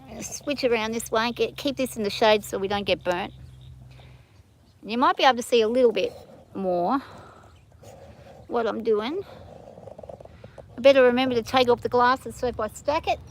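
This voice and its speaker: A woman's voice: fairly high pitch, moderate pace, long pauses, slight background noise. A middle-aged Australian woman chatting casually outdoors while calling short commands to her horse. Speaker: horse owner lunging her horse. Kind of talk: casual vlog with calls to a horse. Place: outdoor riding area.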